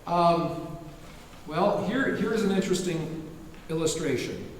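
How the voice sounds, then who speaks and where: A man giving an academic lecture, halting with fillers and restarts, now and then singing a short chant phrase. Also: fairly high pitch, lively intonation, a little hiss or hum. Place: lecture hall. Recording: echoey hall recorded from far off.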